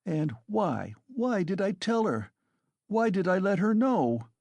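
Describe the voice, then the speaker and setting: A man's voice: on the high side, lively intonation, a little slow, gravelly, dark tone, no echo, pitched above the performer's own voice, heavily acted. A man voicing a tormented, bitter young male student in an audiobook, pleading in anguish. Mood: despairing. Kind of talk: audiobook character reading.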